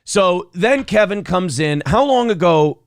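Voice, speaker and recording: A man with a slightly high voice co-hosts a podcast in casual chat. He keeps up a stream of dry, sarcastic questions and jabs. The sound is close and dry. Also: expressive, a little slow, no room sound. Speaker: podcast co-host.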